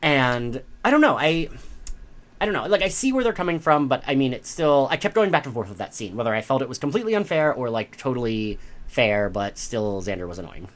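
A man's voice: medium pitch, fairly quick. Indignant man in casual podcast chat. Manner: expressive, indignant, swears freely. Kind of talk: casual discussion of a TV episode.

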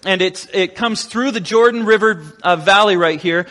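A man preaching a sermon, telling the story in an animated way and acting out the quotes. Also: sits high, normal speed. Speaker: pastor. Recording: long echoing reverb.

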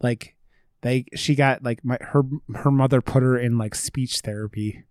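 A man's voice: medium pitch, fairly even intonation, measured pace, a little mellow, smooth, no room sound. An American man chatting casually as a podcast co-host. He rambles and curses freely, stacking up fillers as he goes. His voice sits mid-range and sounds dry and close. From United States. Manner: rambling, profane, full of fillers. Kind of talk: casual chat.

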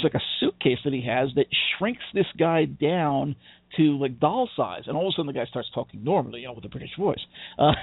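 A man's voice: a little high, gravelly, no echo. A man from the United States co-hosting a podcast, talking in a rambling, profane casual chat and laughing often. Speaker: podcast co-host. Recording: dry, phone-like narrow sound.

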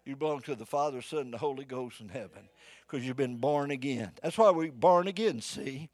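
An older man preaching a sermon to a congregation, folksy, shifting between shouted exhortation and hushed storytelling. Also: mid-range voice, fairly quick, no room sound. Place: church before a live congregation.

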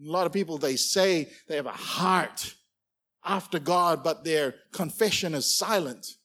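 A man preaching a sermon, animated and playful, acting out little characters as he goes. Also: a little high, measured pace. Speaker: pastor.

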